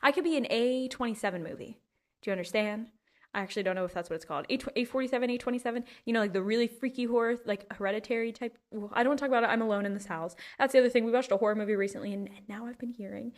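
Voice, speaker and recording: A woman hosts a solo podcast from home in a casual, meandering chat. Her delivery is playful and tangential. Her voice sits slightly higher than average. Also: very fast. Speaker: podcast host.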